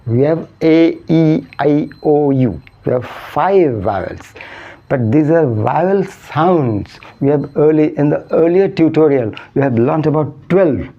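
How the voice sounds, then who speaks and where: A man with an Odia accent teaching English pronunciation, repeating each vowel sound several times with drawn-out emphasis. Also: on the high side, lively intonation. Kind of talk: slow, deliberate spoken English lesson. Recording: slightly dull, lo-fi sound.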